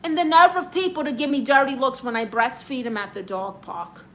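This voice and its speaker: A woman's voice: high-pitched, brisk. A woman with a Brooklyn accent hosting a comic livestream. She reads viewer comments and gives blunt, sassy advice, calling people honey.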